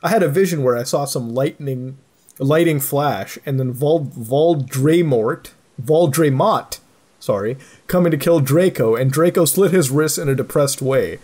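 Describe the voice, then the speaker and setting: Guy reading fanfic out loud for laughs, kinda high voice, fed up, swears a lot. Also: a little slow. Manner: exasperated, swearing, mock-dramatic narration. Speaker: host. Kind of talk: comedic reading of fan fiction aloud.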